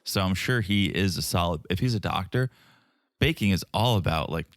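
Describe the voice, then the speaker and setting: A man's voice: low voice, lively intonation, normal speed, no echo, studio quality. A man from Connecticut co-hosting a podcast, recapping in a wry, joking way. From Connecticut, United States. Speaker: podcast co-host. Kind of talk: casual chat.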